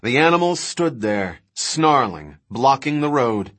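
A man narrating an audiobook in a steady, dramatic reading. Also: mid-range voice, measured pace. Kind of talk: scripted narration.

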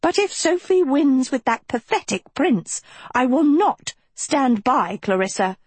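A woman's voice: sits high, big pitch swings, a little slow, breathy edge, no room sound, pitched above the performer's own voice, exaggerated voice. Woman voicing menacing, cold evil schoolmistress. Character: stern commanding female evil teacher.

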